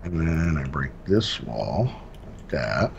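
A low, gravelly man's voice, easygoing and unhurried, walking a friend through his Minecraft build. His pitch rolls up and down a lot as he mutters steps to himself. He sounds like a relaxed co-host at his computer. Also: dull audio, slight background noise. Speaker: gaming channel co-host. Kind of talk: casual Minecraft let's-play chat.

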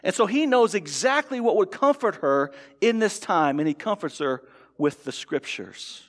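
A man's voice: high-pitched, expressive, moderate pace. A man preaching a sermon in a church, talking conversationally with frequent restarts and acting out quotes. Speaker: pastor. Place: church sanctuary. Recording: long hall reverb.

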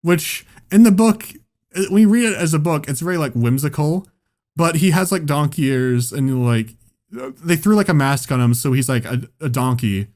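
A man on a podcast telling a story in a casual, profane, animated way and laughing as he goes. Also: on the high side. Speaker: podcast host.

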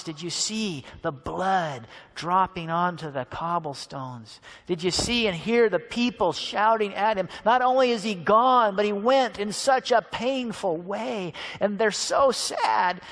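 A man's voice: sits high, a bit bright. A man preaching a storytelling sermon, dramatic and acting out the characters' voices.

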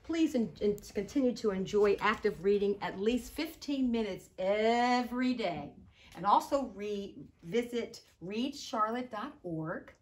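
Slow-reading woman telling a picture book. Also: mid-range voice. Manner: slow, expressive read-aloud. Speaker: storytime reader.

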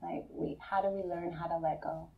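A woman's voice: normal speed, highs cut off. A woman meditation teacher giving a conversational dharma talk to a live group, laughing often and checking in with her listeners. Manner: conversational, laughing often, frequent "right?" to the audience; animated storytelling, voicing friends in a high excited tone.

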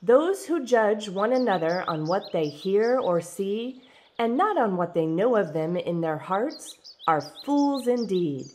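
A woman voicing a wise old village woman speaking a moral in a slow, earnest way. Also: mid-range voice, sing-song, a little mellow, a little hiss or hum. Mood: solemn.

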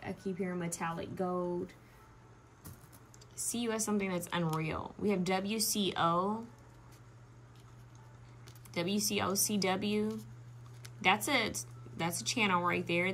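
A woman's voice: on the low side, fairly bright tone, slight background noise. A young woman giving a pick-a-card tarot reading, musing aloud with frequent restarts and ums. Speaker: tarot reader.

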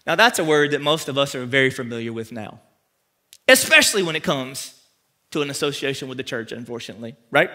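A man pastor preaching a sermon, swinging from loud emphatic peaks down to quiet asides to the congregation. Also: lively intonation, fast. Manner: preaches with sharp rises to loud emphatic peaks, then drops low and quiet.

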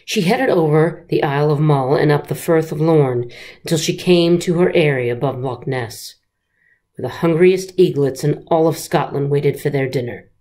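Low-voiced woman reading a story aloud. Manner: expressive, unhurried storytelling.

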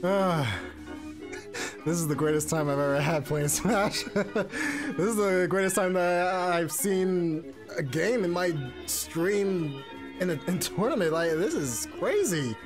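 A man giving casual, excitable play-by-play commentary on a game tournament from his home stream. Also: high voice, takes it slowly, over music. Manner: excitable, casual gamer slang. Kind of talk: live esports play-by-play commentary.

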